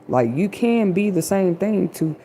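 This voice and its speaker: Gravelly-voiced woman hosting a livestream. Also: medium pitch, expressive, measured pace, warm tone, a little hiss or hum. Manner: casual, preachy, talks straight to the chat audience. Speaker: livestream host. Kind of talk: inspirational livestream talk.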